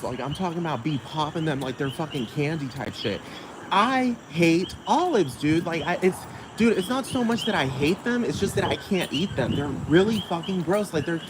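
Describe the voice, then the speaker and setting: A high-voiced man rants into his podcast from somewhere outside beside a busy road. He swears freely and leans on "like" every few words. Loud traffic noise sits behind him. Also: expressive, normal speed. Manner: ranting, profane, filler-heavy with frequent "like". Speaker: podcast host. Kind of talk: casual rambling monologue. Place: outdoors near a road with passing traffic. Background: cars and street traffic.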